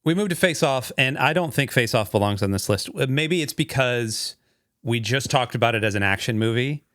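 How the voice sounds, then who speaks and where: A man's voice: medium pitch, expressive, a little fast, a bit bright, no room sound, studio quality. A man co-hosting a podcast, chatting casually, asking easygoing questions and giving short agreements. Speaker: podcast co-host. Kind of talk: casual chat.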